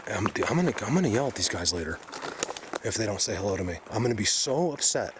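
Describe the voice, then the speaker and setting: A man narrating to camera as an outdoor explorer vlogger, hushed and excitable, often dropping to a whisper. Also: lowish voice, fast talker, background noise. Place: outdoors in woods.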